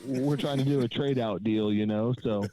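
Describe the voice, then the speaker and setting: A man co-hosting a casual podcast, telling deadpan joke stories about messing with salespeople. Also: mid-range voice, a little fast, a little hiss or hum, rough recording. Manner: deadpan joking storyteller. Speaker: podcast co-host.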